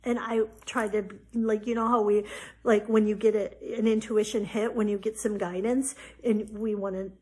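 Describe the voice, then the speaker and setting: A woman in her forties hosting a podcast, telling a personal story in a chatty, animated way with many fillers. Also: medium pitch, normal speed. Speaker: podcast host. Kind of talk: personal story, casual spiritual talk.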